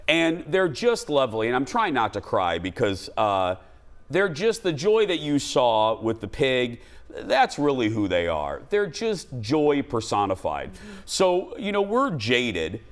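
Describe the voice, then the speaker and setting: A man's voice: medium pitch, very animated, measured pace. A male talk show host in his forties, from Minnesota, chatting casually and laughing often. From Minnesota, USA. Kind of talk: casual chat.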